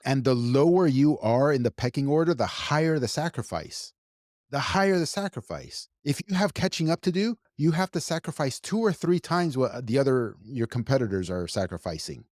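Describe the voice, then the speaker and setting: A man's voice: medium pitch, very animated, normal speed, darkish tone, no room sound, studio quality. A man co-hosting a podcast, talking emphatically, repeating his points and swearing freely. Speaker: podcast co-host. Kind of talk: casual podcast talk.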